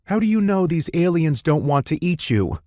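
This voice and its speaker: A man's voice: medium pitch, moderate pace, a little mellow, no echo, clean studio sound, voice pushed up, close to an everyday voice. A man voicing a tall, determined brunette woman in an audiobook, blunt and defiant.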